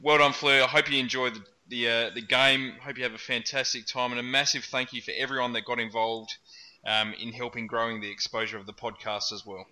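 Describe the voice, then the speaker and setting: A man's voice: medium pitch, little pitch movement, brisk, sharp tone, low-quality recording. A man hosting a podcast in an upbeat, enthusiastic way. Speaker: podcast host. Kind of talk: casual chat.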